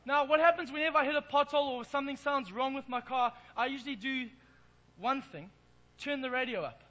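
English guy preaching in church, really high bright voice, jokey self-mocking story. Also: a little fast, poor audio. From England. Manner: self-deprecating, playful storytelling. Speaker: pastor. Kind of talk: sermon with humorous storytelling.

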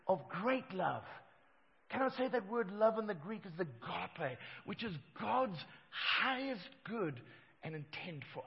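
Middle-aged pastor guy preaching, high voice, bit dull and echoey in a big church hall. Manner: emphatic preaching, swings from loud to hushed. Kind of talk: sermon.

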